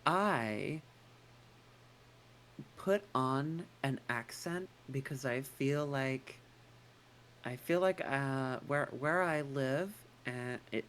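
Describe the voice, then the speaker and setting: A woman's voice: a bass voice, slight background noise. A woman co-hosting a casual chat, rambling and swearing casually, with a put-on American accent. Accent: non-native English put-on American. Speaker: co-host.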